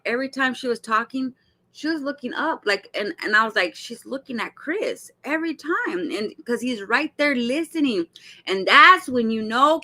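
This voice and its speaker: A woman hosts a reaction stream, speaking straight to her viewers. Her voice is bright and pitched a little high, and her delivery is blunt and animated, with swearing mixed into the casual chat. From Arizona. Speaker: commentary host.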